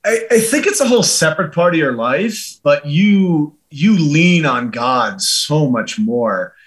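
This is a former military advisor in an interview, his voice fairly high and a bit rough, with lively intonation and a somewhat slow pace. He tells stories in an earnest, reflective, conversational way, filling his speech with "you know" and "like."

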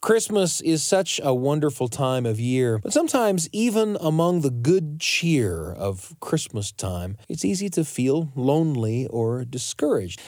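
Expressive male podcast host, dry studio sound. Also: mid-range voice, measured pace, hardly any pauses, no echo. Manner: reflective, expressive, with some stammering restarts. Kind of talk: warm storytelling host narration.

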